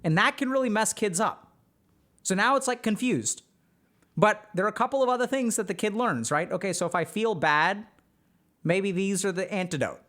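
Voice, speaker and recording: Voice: medium pitch, animated, moderate pace, fairly bright tone. A psychiatrist giving reaction commentary on a TV episode, explaining things and speaking directly to viewers.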